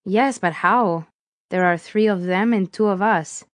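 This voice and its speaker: A woman's voice: mid-range voice, measured pace, no echo, close to an everyday voice. A woman voicing a frightened young woman caught up in danger, speaking urgently in an audiobook reading. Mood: worried. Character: frightened young woman ally under threat.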